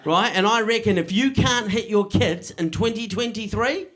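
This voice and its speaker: A middle-aged man works through a stand-up set. His voice sits fairly high, and he lands each line with a dry, punchy timing. He keeps tossing quick "right?" checks to the room. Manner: punchy, deadpan delivery with frequent "right?" asides to the crowd. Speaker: stand-up comedian.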